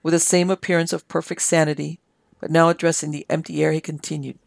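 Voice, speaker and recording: An audiobook narrator reading a story in a measured, dramatic way. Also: mid-range voice, little pitch movement, gravelly, no echo. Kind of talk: scripted narration.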